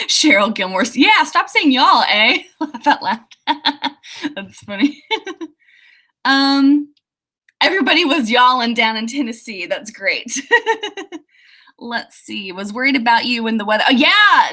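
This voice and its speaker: A young woman with a fairly high, bright voice hosts a casual livestream. She chats loosely and giggles often as she reads viewer comments. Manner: chatty and giggly, reading viewer comments aloud. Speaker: author hosting a writing livestream.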